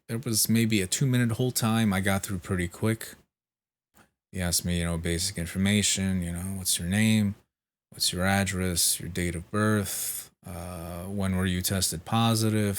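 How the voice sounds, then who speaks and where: A sick man tells a long, exasperated story in a slow, unhurried drawl. His voice sits low, he clears his throat now and then, and he swears freely while imitating the people he dealt with. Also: level tone. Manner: profane, exasperated, mimics the people he spoke to. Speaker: vlogger. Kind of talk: casual storytelling rant.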